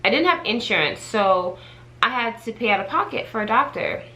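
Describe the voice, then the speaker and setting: A woman vlogger chatting to her viewers in a casual storytime, animated and talkative as she addresses them directly. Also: a little high, moderate pace, rough recording. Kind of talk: casual storytime chat to camera.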